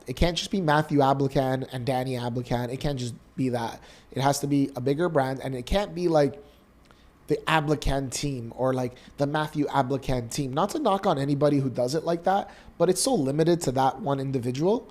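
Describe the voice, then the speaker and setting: A Canadian man in his thirties, a podcast co-host, telling an emotional personal story in an earnest, animated way. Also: mid-range voice, normal speed.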